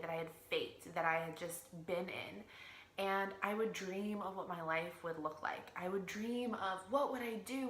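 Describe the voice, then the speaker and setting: A woman's voice: fairly low pitch, sharp tone. Chatty young woman vlogging in a roomy space. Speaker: vlogger and fitness coach. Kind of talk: casual vlog to camera. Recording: roomy echo.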